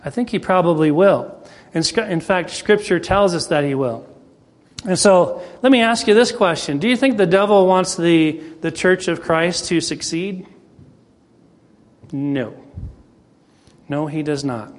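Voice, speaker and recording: Male preacher, sermon, folksy storytelling, high voice, echoey church hall. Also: a little slow, long pauses.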